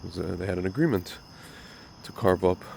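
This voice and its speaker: With slight background noise behind him, a man delivers a casual, opinionated religious commentary monologue to his viewers. His low, darkish voice has vocal fry and moves fairly quickly, and a recent cold has left it slightly nasal.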